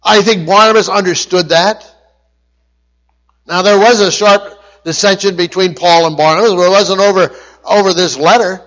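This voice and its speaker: High-voiced man preaching with emphatic repetition. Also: steady tone, normal speed, a bit bright, rough recording. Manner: emphatic repetition, frequent restarts and stumbles. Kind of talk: sermon.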